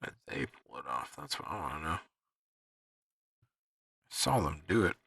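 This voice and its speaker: A man hosting a livestream, muttering to himself as he fiddles with his software, heard on a distant desk mic. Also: very deep voice, big pitch swings, normal speed, gravelly, slightly rough, dry recording, studio quality. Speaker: livestream host. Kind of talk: casual livestream chatter.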